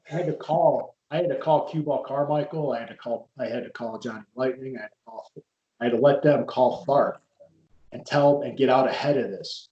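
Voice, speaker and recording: A man's voice: mid-range voice, a little fast, warm tone, roomy sound, highs cut off. A man, a wrestler, talking through his career in a frank, reflective podcast chat. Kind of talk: casual storytelling chat.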